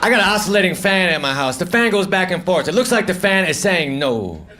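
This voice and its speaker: A man with a fairly high voice tells stand-up one-liners in a flat, deadpan, halting way, muttering self-deprecating asides between jokes. He is on a comedy stage with a handheld mic. The live recording carries a steady layer of noise. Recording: noisy live show recording.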